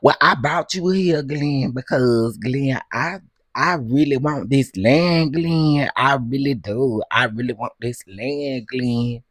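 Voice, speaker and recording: A man hosting a casual live stream, chatty and quick to laugh, talking straight to his viewers. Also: medium pitch, fairly bright tone, no echo, clean studio sound.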